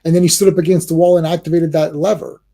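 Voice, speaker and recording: A man's voice: fairly high pitch, little pitch movement, fast talker, gravelly, dark tone. A man hosting a casual livestream, ranting animatedly about movies with many restarts and fillers. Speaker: livestream host.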